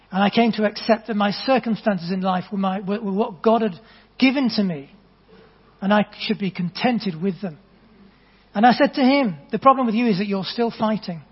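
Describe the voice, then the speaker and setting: A man preaching a sermon in an earnest, conversational storytelling manner, with gentle asides to the congregation. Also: high-pitched, husky. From England. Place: church hall. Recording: dull, long reverb in a church hall.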